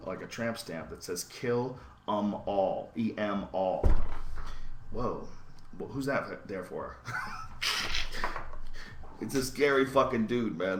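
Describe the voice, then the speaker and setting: A man's voice: roomy sound, noisy background. Profane, fired-up man ranting on a podcast. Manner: intense, profane, emphatic, swings between shouting and low asides. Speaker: podcast host. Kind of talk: profane animated podcast rant.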